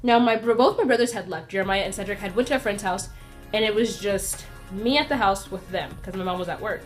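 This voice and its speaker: A young woman tells a personal story to camera in a chatty, animated way, jumping into the voices of the people involved. Her pitch sits in an ordinary middle range. Soft music plays faintly underneath. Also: a little fast. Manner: chatty and animated, acting out quoted lines. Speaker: storytime vlogger. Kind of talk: casual storytelling. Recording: faint music playing behind.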